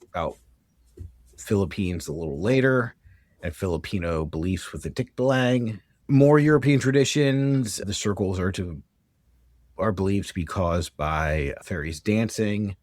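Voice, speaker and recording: An American man co-hosts a podcast from home with dogs nearby, talking casually from notes in a rambling way, often stumbling and correcting himself mid-sentence. His voice is lowish and darkish, with clean studio sound and no echo.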